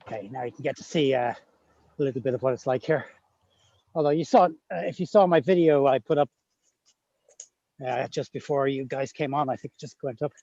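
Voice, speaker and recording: A man's voice: mid-range voice, fairly quick, pauses often, warm tone, no echo. A man chatting casually on a group video call, thinking aloud with fillers. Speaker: live chat guest. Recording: muffled lo-fi audio.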